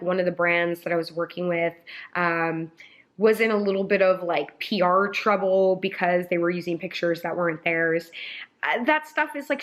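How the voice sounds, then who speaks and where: A young woman vlogger talking to camera in a casual, emotional way, rambling with many fillers, indoors by a sunny window. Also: lowish voice. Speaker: lifestyle vlogger and influencer. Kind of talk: casual apology vlog to camera.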